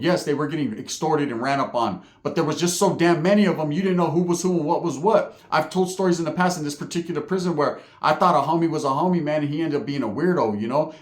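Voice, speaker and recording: A man's voice: fairly high pitch, echoey room. A man from California telling a prison story in casual street slang, full of profanity and "right?" asides. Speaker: storyteller recounting prison life.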